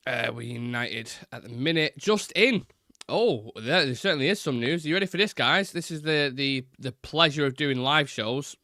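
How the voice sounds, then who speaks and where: Young male host, live fan show chat; bright, close, dry voice, talks freely with fillers. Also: medium pitch, no echo. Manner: chatty, frank, hesitant with fillers.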